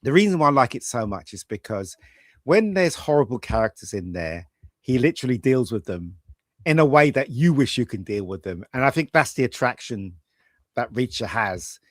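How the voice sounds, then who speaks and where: A man co-hosting a casual pub chat, rambling through animated opinions. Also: medium pitch, moderate pace, no echo, clean studio sound. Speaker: co-host.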